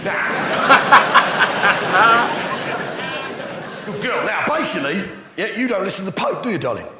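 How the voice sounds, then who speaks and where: Brash stand-up comic, man, high lively delivery, echoey live venue with loud audience noise. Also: slow. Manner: brash, crude banter with the crowd. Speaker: stand-up comedian. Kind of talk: stand-up comedy. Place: comedy stage before live audience.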